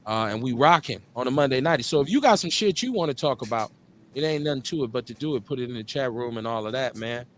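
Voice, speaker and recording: A middle-aged man with a Midwestern US accent, hosting a live call-in show in a relaxed, slangy way and repeating his phrases. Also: mid-range voice, quick pace, a little hiss or hum. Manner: laid-back, slangy, drawls and repeats phrases. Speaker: radio show host.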